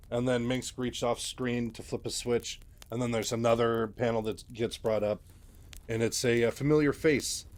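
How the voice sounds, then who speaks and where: Male host narrating game lore: relaxed, chatty, unpolished. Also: medium pitch, normal speed. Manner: loose, chatty, frequent fillers. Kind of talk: casual retelling of game lore.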